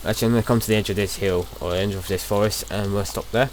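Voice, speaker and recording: A man's voice: lowish voice, fairly even intonation, racing, slight background noise. A young man casually talking through his gameplay as a video host, rambling and chatty, often restarting his sentences.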